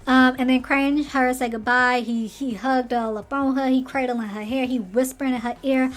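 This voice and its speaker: Brief: chatty, slightly hoarse woman with a higher voice, animated casual rant. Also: moderate pace, soft background music. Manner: chatty, animated, acts out character lines. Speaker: show commentator.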